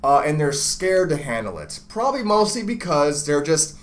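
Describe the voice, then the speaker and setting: A man's voice: fairly high pitch, sing-song, moderate pace. A man hosting a dating-advice talk show, casual, blunt and profane, often talking over his co-host. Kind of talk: casual chat.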